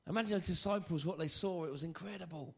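A man preaching a sermon, lively and joking, often stammering and repeating phrases. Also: sits high, fast talker.

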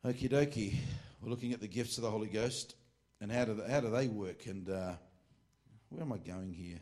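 Speaking a little fast in a lowish, darkish voice, a middle-aged Australian man gives a casual sermon to a ministry class. He wanders from point to point, joking, adding asides and correcting himself as he goes.

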